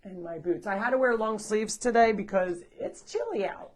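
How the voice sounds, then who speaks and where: Wearing a mic, a woman leads a live tour of a farm sanctuary, moving indoors and out as she chats, laughs, and coaxes or scolds the animals. Her voice is medium in pitch and her pace moderate, in the style of casual tour narration.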